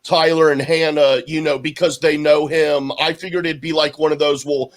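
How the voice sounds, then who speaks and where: A man's voice: on the high side, flat delivery, normal speed. A man co-hosting a podcast, giving blunt opinions in casual chat. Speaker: podcast co-host.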